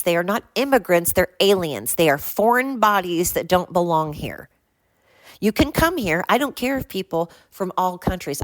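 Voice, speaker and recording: Older woman, low voice, blunt ranting podcast host, dry close sound. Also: no echo. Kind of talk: solo podcast monologue.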